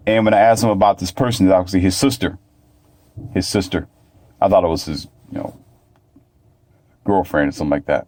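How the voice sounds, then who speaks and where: A man's voice: sits low, normal speed, long pauses, darkish tone. A man telling a story in a blunt, preachy monologue that repeats itself. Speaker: vlogger.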